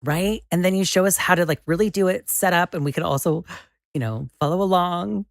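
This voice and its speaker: A woman hosting a live stream, chatting casually and excitably with viewers as she builds, often exclaiming and laughing. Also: fairly low pitch, a little fast, vocal fry, dry recording, studio quality. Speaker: livestream host.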